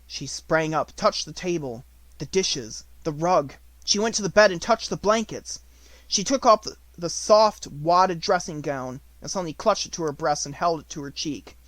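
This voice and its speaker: A man reading an unabridged novel aloud as an audiobook narrator, with expressive storytelling. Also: on the high side, normal speed, dry recording.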